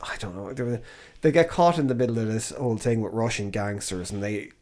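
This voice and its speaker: A man's voice: lowish voice, brisk, a little mellow. An Irish man co-hosting a podcast, chatting casually about films in a rambling way, full of fillers and swearing. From Ireland. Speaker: podcast co-host. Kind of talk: casual film chat.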